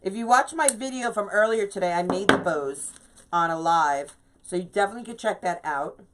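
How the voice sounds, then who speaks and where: A middle-aged woman talks viewers through a craft project on a livestream, in an easygoing, chatty way. She greets people by name between steps. Her pitch sits in an ordinary middle range, and she sounds relaxed and friendly as she talks. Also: fairly quick, heavy background noise. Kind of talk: casual live craft demo.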